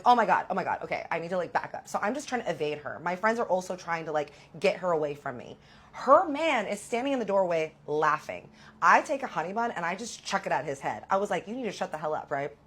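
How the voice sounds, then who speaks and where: A woman in her thirties telling a dramatic personal story in casual storytime style, animated and full of fillers. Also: medium pitch, slightly rough.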